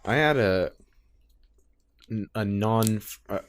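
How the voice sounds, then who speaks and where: Young guy cohost, kinda low voice, always cracking jokes. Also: extremely slow. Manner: joking, teasing interjections. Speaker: podcast co-host. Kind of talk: casual chat.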